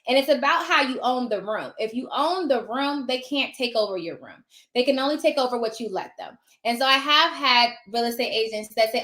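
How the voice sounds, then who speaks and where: A bright, forceful woman with a fairly high voice talks in a casual advice monologue, emphatic and sassy, and she acts out her exchanges as she goes. The sound carries a roomy echo. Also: expressive, moderate pace. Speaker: notary loan signing agent.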